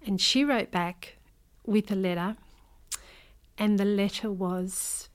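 An Australian woman in middle age tells a deeply personal story in an interview. She sounds earnest and hesitant, and often stops to restart her thoughts. Her voice sits at a middle pitch. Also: steady tone, takes it slowly. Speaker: interview guest, memoir author.

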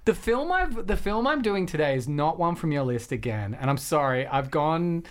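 A man hosts a casual film podcast, rambling and self-deprecating, with many fillers and restarts. His voice is fairly high and animated, at a normal speed.

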